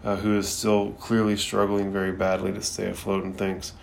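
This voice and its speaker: A man's voice: on the low side, monotone, moderate pace, gravelly, a little hiss or hum. A man recapping an anime episode in a laid-back, casual way, swearing freely and using loose filler words. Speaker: anime reviewer.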